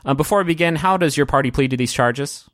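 A man's voice: on the high side, fast, fairly bright tone, dry recording, voice pushed up, lightly acted. A man voicing a fussy male prosecutor in a tabletop game, hesitant and pedantic. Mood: officious.

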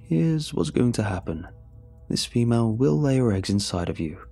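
A man voicing a calm, persuasive male leader of a sinister cult, speaking in a smooth, coaxing way. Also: mid-range voice, moderate pace, soft background music, heavily acted. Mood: calmly menacing.

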